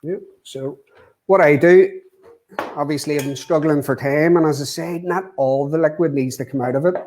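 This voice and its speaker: A man's voice: fairly high pitch, normal speed, darkish tone, slight background noise. A man running a live cooking demonstration. He talks viewers through each step in a loose, chatty way, leaning on the same little phrases over and over. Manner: chatty, repeats "as I say" and "wee". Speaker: guest cook.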